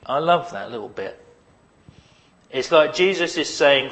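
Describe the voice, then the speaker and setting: A man's voice: fairly high pitch, expressive, a little slow, long pauses, fairly bright tone. A man preaching a sermon in a conversational, humorous, emphatic way.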